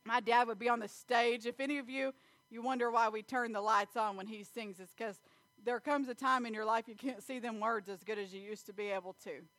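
Woman preacher, higher voice, dry sound; folksy sermon mixing family stories and scripture. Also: fairly even intonation, a little fast, a bit bright, no echo. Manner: folksy storytelling with Bible reading, laughs often.

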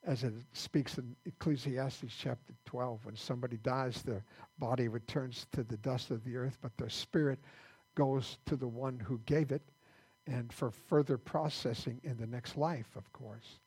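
A male pastor giving a conversational sermon in a church, halting and repeating words as he restarts his sentences. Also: medium pitch, fairly even intonation, darkish tone, slightly rough.

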